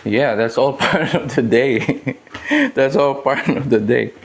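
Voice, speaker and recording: A man's voice: medium pitch, slow pace, slight background noise. A man hosting a casual fitness live stream from his home gym, talking in a loose, rambling and joking way. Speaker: fitness livestream host.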